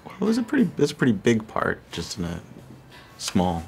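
An American actor playing an actor in London, talking in an awkward, halting way and stumbling over his words. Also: on the low side, wildly swooping pitch, gravelly, a little mellow, soft background music, heavily acted. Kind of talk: short film acting.

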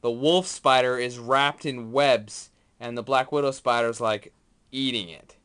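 A man chatting excitedly in a casual home vlog, sometimes hushed and whispering, sometimes jumpy and startled. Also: mid-range voice, a little slow, clear, resonant tone. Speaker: vlogger.

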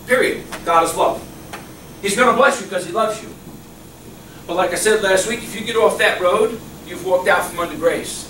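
A middle-aged male pastor preaching a sermon, swinging from loud exclamations to soft, low murmurs, recorded in a church. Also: fairly quick. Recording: echoey church hall, mic at a distance, faint hum.

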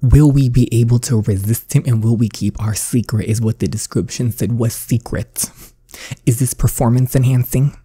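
Husky, very mellow-voiced gaming YouTuber. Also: male voice, mid-range voice, normal speed, no echo. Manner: chatty and excitable, speaks straight to viewers. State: tired and sweaty after a vaccine dose. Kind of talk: casual let's-play commentary, reading a story game aloud.

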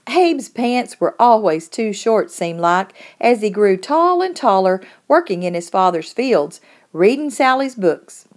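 A woman narrating a children's biography in a measured, gentle storytelling manner. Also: mid-range voice, sing-song. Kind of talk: storybook read-aloud narration.

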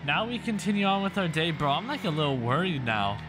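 A young man giving excitable gameplay commentary, full of exclamations and constant "bro". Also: on the high side, a little fast. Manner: hyped, says "bro" constantly, frequent exclamations. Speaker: gaming YouTuber. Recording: music playing underneath. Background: game sounds and music.

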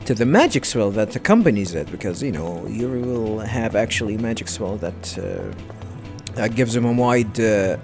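A man's voice: fairly low pitch, animated, normal speed, over music. A man casually commenting on a game he plays, hesitant, with many fillers and restarts. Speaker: let's play host.

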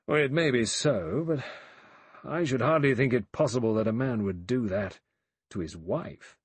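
A man's voice: medium pitch, moderate pace, husky, no room sound, close to an everyday voice. A man voicing a doubtful elderly army general who speaks in a proper, hesitant, old-fashioned way.

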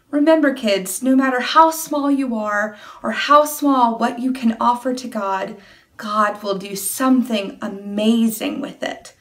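A woman gives a children's message in a church service. She speaks very slowly and gently to the kids, in a fairly high voice. Her tone is calm and encouraging. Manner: gentle, unhurried, addressing kids.

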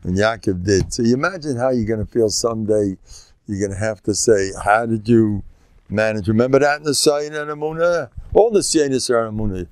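An older rabbi gives an informal Torah talk, animated and joking as he slips Yiddish and Hebrew words into his English. His male voice sits at a middling pitch. The recording is dry and close, with no room around it. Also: a little fast, no room sound. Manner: animated, jumps between teaching and banter. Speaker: rabbi giving a lecture.

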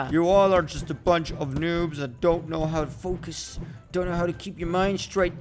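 High-voiced man doing playful gameplay commentary. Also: a little slow, faint music behind. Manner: playful mock trash talk, swaggering jokes; frequent laughs and exclamations. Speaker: gaming YouTuber.

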